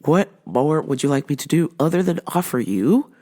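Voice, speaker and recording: A woman's voice: low-pitched, moderate pace. A woman who works in a store, bluntly and sarcastically telling stories about her customers in a casual vlog. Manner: animated, laughing, blunt and sarcastic.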